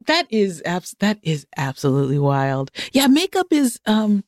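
A woman chatting as a podcast guest, animated and jokey, with quick asides. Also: medium pitch, no echo, clean studio sound. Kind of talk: casual conversation.

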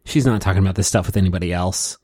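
A man's voice: sits low, rapid-fire, husky, no echo, studio quality. A man co-hosting a podcast, chatting casually and ranting with plenty of swearing. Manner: profane, animated ranting. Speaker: podcast co-host. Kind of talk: casual recap chat.

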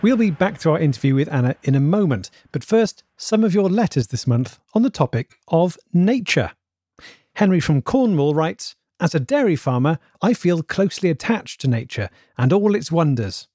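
A man's voice: a little high, sing-song, moderate pace, warm tone, no room sound, clean studio sound. A man playing a hesitant, polite interviewer in a scripted comedy podcast, probing with careful questions. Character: earnest male radio-style interviewer. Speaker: interviewer, presenter.

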